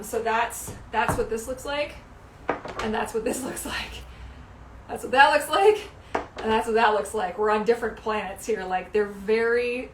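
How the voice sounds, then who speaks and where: A woman in her thirties chatting casually as a mermaid vlogger, animated and gushing, swearing casually now and then. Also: medium pitch, echoey room, noisy background. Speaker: mermaid vlogger reviewing gear. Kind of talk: casual livestream chat.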